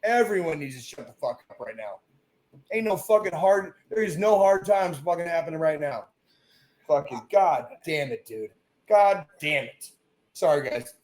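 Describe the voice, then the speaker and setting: A man's voice: on the high side, lively intonation, moderate pace, darkish tone. A male podcast co-host in a heated casual rant, with expletives in nearly every line. His voice sits a little above the usual male range. He repeats his points with blunt force. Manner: profane, emphatic ranting with repeated phrases.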